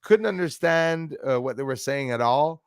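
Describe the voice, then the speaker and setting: A man whose first language is French, hosting a casual chat and telling animated stories with mimicked accents. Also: on the high side, normal speed, clean tone, no room sound. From Canada. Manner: animated storyteller, mimics accents, laughs often. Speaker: channel host.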